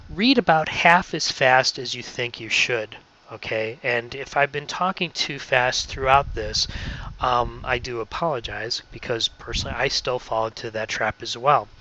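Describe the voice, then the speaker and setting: A man's voice: medium pitch, bright, forceful tone, muffled recording. A man leading a casual training talk for radio volunteers, friendly and often checking in with "okay?".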